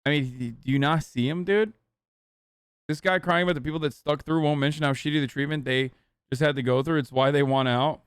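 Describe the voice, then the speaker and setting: A man's voice: on the high side, fairly even intonation, fairly quick, smooth, dry recording, studio quality. A man in his thirties streaming live, reacting with blunt, mocking, profane commentary.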